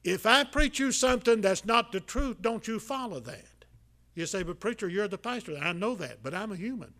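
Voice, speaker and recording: An older man preaching a sermon as pastor, folksy and repetitive, full of "uh"s, swinging between loud emphatic lines and quiet asides. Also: high-pitched, expressive, normal speed.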